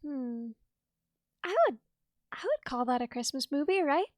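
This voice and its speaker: A woman's voice: sits high, expressive, a little slow, a little mellow, no echo, clean studio sound. A woman streamer with a sick voice, chatting casually and playfully with a guest. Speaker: streamer host. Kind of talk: casual chat.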